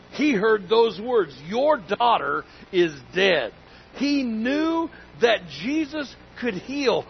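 A man delivers a sermon in a high, bright-edged voice, emphatic and folksy, hammering his points by repeating them. The recording is slightly muffled, with a faint low rumble underneath. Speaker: pastor.

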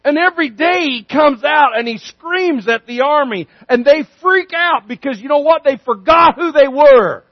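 A man preaching a sermon, telling a story with lively energy and acting out the characters' voices. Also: extremely high pitch, normal speed, few pauses, no room sound, muffled recording. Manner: animated storytelling, acts out voices.

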